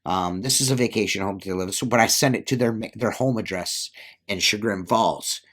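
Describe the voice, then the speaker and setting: A man's voice: on the low side, fairly quick, a bit bright. A middle-aged window cleaner chatting casually, rambling with lots of fillers and acting out the lines of people in his story. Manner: rambling, filler-heavy, acts out quoted dialogue.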